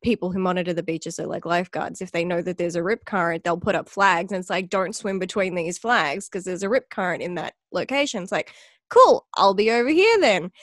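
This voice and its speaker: A woman's voice: on the low side, brisk, few pauses, dry recording, clean studio sound. A woman from Australia with an Australian accent, chatting as a podcast guest and acting out what people say to her with laughter. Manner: animated, acts out quoted remarks with laughter. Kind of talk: casual chat.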